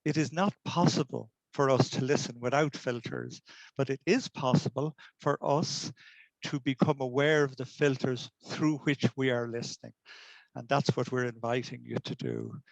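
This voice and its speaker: Calm man telling a story. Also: medium pitch, gravelly, dry recording, poor audio. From Ireland. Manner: calm storytelling, measured and earnest. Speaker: community education lecturer. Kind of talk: reflective talk to camera.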